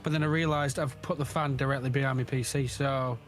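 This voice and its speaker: A man rambles and jokes on a voice call, often poking fun at himself. His voice sits at a middle pitch. Faint music runs behind him. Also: fairly even intonation, fairly quick. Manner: rambling, jokey, self-mocking. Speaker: friend on a voice call. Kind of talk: casual livestream chat. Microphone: directional desk mic over voice chat.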